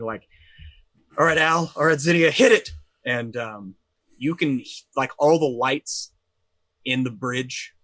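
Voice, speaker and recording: A man's voice: mid-range voice, fairly bright tone, no room sound. A man narrating and running a tabletop role-playing game as game master, talking casually with many fillers.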